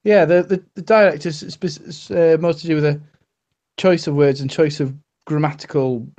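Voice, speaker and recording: A British man talking loosely in a group call, his voice sitting a touch higher than most men's. He rambles, trips over his own words, restarts sentences and reaches for fillers as he works his way to a point. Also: steady tone, moderate pace, a little mellow, muffled recording. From Britain. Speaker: co-host. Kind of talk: casual group chat on a call.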